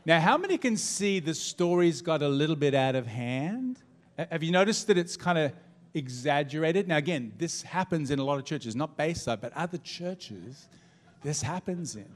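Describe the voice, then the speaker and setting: A middle-aged man preaching a sermon as pastor, telling humorous stories with lively swings in his voice. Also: normal speed. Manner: humorous storytelling, animated pitch swings.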